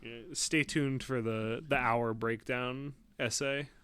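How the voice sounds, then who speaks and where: A man's voice: mid-range voice, fairly even intonation, takes it slowly, a bit bright, smooth, no room sound. Joking man on a podcast panel. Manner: joking, laughs often. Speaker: podcast co-host. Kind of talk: casual film podcast chat.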